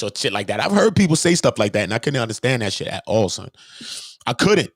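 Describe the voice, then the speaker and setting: A man vlogging in an animated, emphatic way, full of rhetorical questions and street slang, his voice rising loud and high, then dropping low and quiet. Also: fast, dry recording, clean studio sound. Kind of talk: casual talking-head commentary.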